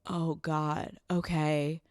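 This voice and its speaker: A woman's voice: low-pitched, little pitch movement, extremely slow, a little mellow, dry recording, clean studio sound. A woman acting out a clueless, distracted young boyfriend who talks in a vague, hesitant way.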